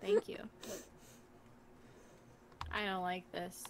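A woman's voice: fairly low pitch, big pitch swings, drawn-out words, creaky, noisy background. A woman streaming a video game, chatting casually and teasing her friends in a playful, giggly way. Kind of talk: casual gaming chat.

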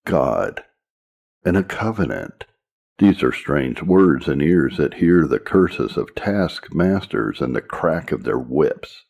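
A man's voice: very deep voice, big pitch swings, slow, creaky, a little mellow, husky. A man reading an old sermon aloud in a solemn, earnest, exhorting manner, on a dull lo-fi recording. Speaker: reader.

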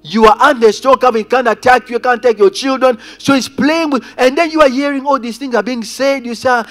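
A man preaching a sermon as pastor, calling out to his congregation and swinging between loud emphasis and quiet asides. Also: very high voice, fairly even intonation, brisk, few pauses, faint music behind. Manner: preaching with rising and falling intensity, addressing congregation directly. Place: church.

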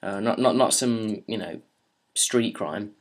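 A man's voice: on the low side, unhurried. A young man telling a story and answering viewer questions in a casual, rambling, sarcastic way, often swearing and restarting. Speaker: vlogger.

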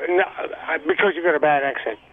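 A man's voice: fairly high pitch, fairly quick. A blunt, amused man from Germany calling in to a radio show over the phone. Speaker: caller. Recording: phone line.

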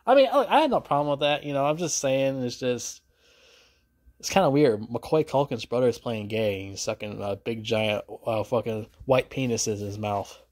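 A man delivering a crude, profanity-filled film rant to his subscribers, his pitch jumping up sharply when he gets worked up. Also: moderate pace, a little mellow. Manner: crude, swearing, sudden pitch jumps. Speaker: film reviewer.

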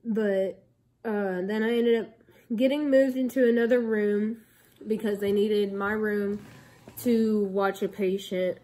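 A young woman tells a long personal story straight to her audience. She talks in a loose, rambling way, full of fillers and restarts. Her voice is warm and mellow, sitting in a middle pitch. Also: steady tone, slow. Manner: rambling, chatty, with many likes and ums. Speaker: vlogger. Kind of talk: casual storytelling to camera.

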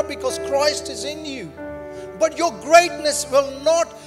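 Pastor guy with a really high voice, preaching with lots of amens, big echoey church hall. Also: slow pace, over music. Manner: emphatic, repetitive preaching with frequent "Amen"; conversational and humorous asides to the congregation. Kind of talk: sermon. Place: church sanctuary.

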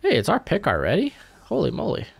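Animated young man rambling through picks. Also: high voice, fairly quick, gravelly, husky, no room sound, faint music behind. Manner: rambling, self-correcting, animated. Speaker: YouTube mock draft host. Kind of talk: casual live commentary.

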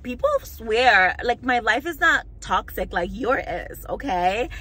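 Woman, young adult, vlogger, casual rant, profane, mocking, bright voice. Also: a little high, lively intonation, unhurried, husky, low-quality recording. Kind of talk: casual storytime rant to camera.

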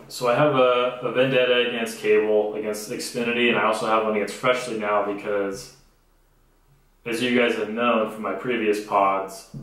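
In a very echoey, low-quality recording, a young man hosts his own podcast from a homemade studio. His voice sits on the low side with a fairly bright tone, and his comedic monologue tells stories bluntly, profanely and sarcastically.

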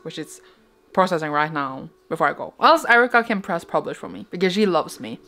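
A woman's voice: deep voice, fairly quick, bright, forceful tone, soft background music. A young woman from Norway, speaking English, chats in a rambling, giggly way while she unboxes things for her vlog. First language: Norwegian. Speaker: vlogger. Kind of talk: casual vlog chat.

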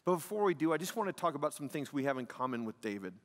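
A man preaching in an emphatic, conversational style, slipping "man" and "like" into his points. His voice sits a little high for a man and rings with the long reverb of a large church sanctuary. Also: very animated, rapid-fire. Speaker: pastor. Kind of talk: sermon.

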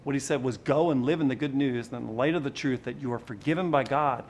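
A man preaching a sermon in a conversational, animated way, with sudden shifts in loudness for emphasis. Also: medium pitch, fast, slight background noise. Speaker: pastor.

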